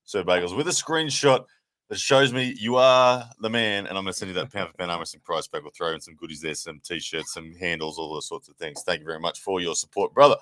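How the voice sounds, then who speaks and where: A man's voice: low-pitched, fairly quick, fairly bright tone. A man hosting a late-night live watch party stream, chatting casually and thanking viewers, tired. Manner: upbeat, thanks viewers often.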